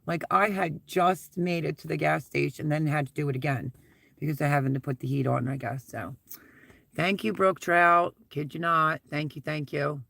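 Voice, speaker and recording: A man hosts a casual live stream from inside his SUV, thanking viewers again and again and wandering from one story to the next. His voice is heavily gravelly with deep fry and sits a little high for a man. The sound is dry and close, with no room around it. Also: fairly even intonation, normal speed, a bit bright, dry recording. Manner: rambling, chatty, repeats thanks.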